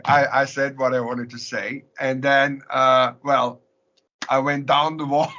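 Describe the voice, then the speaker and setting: A man with a German accent telling animated stories in an interview, often laughing and restarting his sentences. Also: medium pitch, slow pace, long pauses. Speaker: interviewed musician. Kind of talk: storytelling in an interview. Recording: lo-fi recording.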